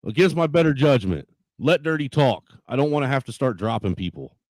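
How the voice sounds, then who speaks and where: A man's voice: medium pitch, expressive, brisk, a little mellow, dry recording, studio quality. A man hosting a casual live stream who laughs a lot and snaps back when someone talks over him. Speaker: stream host.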